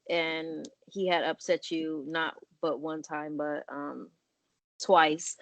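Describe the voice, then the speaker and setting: A woman reflecting a speaker's feelings back to her, slow and tentative, with frequent "um"s. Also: sits low, a bit bright. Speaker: listener practicing reflective listening.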